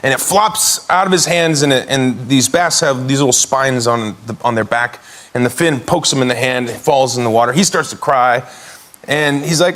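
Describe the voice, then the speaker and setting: A middle-aged man telling an animated anecdote as a talk show guest, acting out his son's lines. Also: a little high, moderate pace. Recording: noisy broadcast audio.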